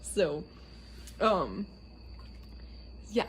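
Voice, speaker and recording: A woman's voice: lowish voice, unhurried, darkish tone, slight background noise. A young woman casually telling a funny story, laughing often mid-sentence.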